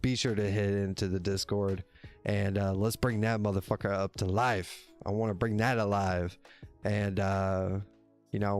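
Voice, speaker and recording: On a desk mic, a man with a lowish, smooth, slightly mellow voice runs his own livestream show. He chats casually to viewers, rambling, fixing what he just said, cursing freely, and laughing a lot.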